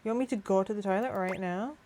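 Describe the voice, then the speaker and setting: A woman playing a dating video game, joking with a dry, deadpan delivery. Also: medium pitch, fast, slight background noise. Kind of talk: casual game commentary.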